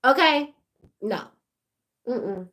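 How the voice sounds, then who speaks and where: High-pitched woman ranting to her viewers, laughs a lot. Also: extremely slow. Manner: animated, laughing, talks straight to viewers. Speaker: vlogger. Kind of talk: casual storytime rant.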